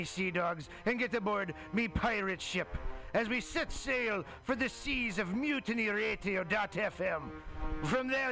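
A man's voice: high voice, rough recording. A man voicing a boisterous pirate captain with a pirate brogue, in a radio station promo over music. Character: gruff old pirate captain, male, boisterous. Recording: music bed behind voice.

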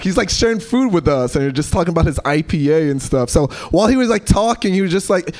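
A man's voice: a little high, expressive, fast talker, darkish tone. A male comedian from New York telling a rambling stand-up story full of fillers.

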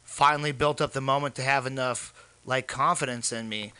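A man telling crude, animated comic stories on a podcast. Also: mid-range voice, fairly quick, clear, resonant tone, no echo. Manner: brash, profane, animated. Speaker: podcast co-host, comedian. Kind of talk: crude comedic storytelling.

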